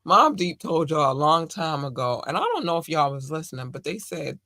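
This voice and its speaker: Podcast host, woman, lively and bright, blunt and profane, dry close sound. Animated, emphatic delivery. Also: low-pitched, a little fast, dry recording. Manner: animated and emphatic, with sudden loud outbursts. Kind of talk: casual chat.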